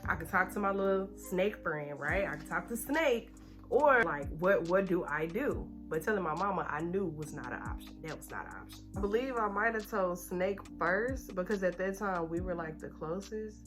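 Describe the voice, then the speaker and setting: A young woman from Texas telling a personal story while doing her makeup. She talks in an animated, chatty way and speeds up when she gets nervous. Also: lowish voice, moderate pace, over music. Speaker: beauty vlogger.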